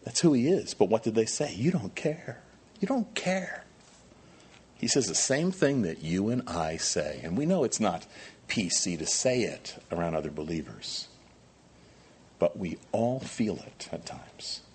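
A man preaching a sermon as pastor, animated, moving from quiet asides to loud emphatic questions. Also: fairly low pitch, normal speed, a little hiss or hum.

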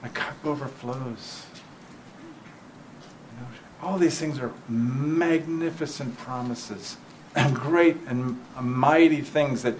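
Man, preacher, chatty sermon, mid-pitched voice, faint hiss behind. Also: poor audio. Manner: conversational, asks listeners "right?" often; reads scripture aloud slowly and with feeling.

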